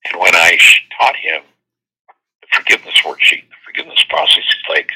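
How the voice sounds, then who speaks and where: A man hosting a spiritual talk show with call-ins, teaching and telling stories, with animated quoted voices. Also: low-pitched, brisk, slightly rough, poor audio. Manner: storytelling, animated quoting voices. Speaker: host and workshop teacher.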